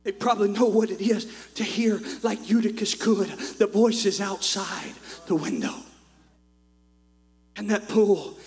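A man preaching a sermon in a church, impassioned and often rising into shouts. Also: high-pitched, measured pace, faint music behind. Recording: echoey hall with mains hum.

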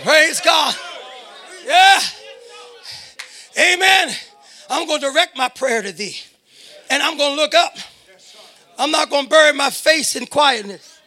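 A man preaching a fervent sermon to a congregation in a church, shouting his words and breaking into hallelujahs and amens. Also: extremely high pitch, animated, unhurried, pauses often, a faint crowd. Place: church sanctuary before a congregation.

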